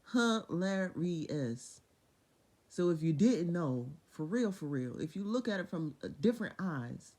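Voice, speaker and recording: A woman's voice: on the low side, a little mellow. A young woman casually retelling Bible stories with lots of profanity, laughter and voiced quotes.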